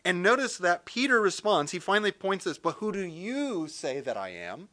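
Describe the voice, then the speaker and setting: A man teaching through a Gospel passage in a relaxed, conversational sermon style, reading scripture aloud and adding light jokes. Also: high voice, normal speed. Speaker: Bible teacher.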